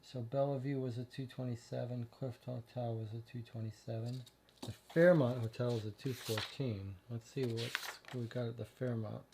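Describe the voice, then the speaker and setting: A man's voice: mid-range voice, fairly even intonation, normal speed, vocal fry, mellow, a little hiss or hum. A man playing a detective game, thinking aloud about where to search next and reading the text on screen. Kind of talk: casual let's-play commentary and reading.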